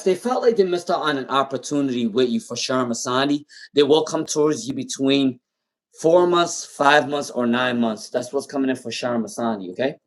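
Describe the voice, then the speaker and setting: A man doing live tarot readings on a stream, rambling and repeating viewers' names with many ums. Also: medium pitch. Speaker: tarot reader.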